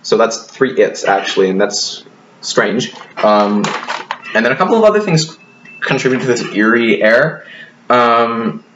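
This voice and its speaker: A man's voice: medium pitch, animated, measured pace, muffled recording, background noise. Hesitant male teacher in an echoey room. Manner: hesitant, many ums and restarts; apologetic asides. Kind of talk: recorded video lesson.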